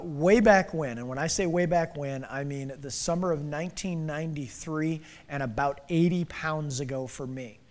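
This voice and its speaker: A man in his forties preaching an interactive sermon, joking with the congregation and calling on people by name. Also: a little high. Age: 40s. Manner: playful, calls on the congregation by name. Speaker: pastor. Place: church sanctuary. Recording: reverberant hall.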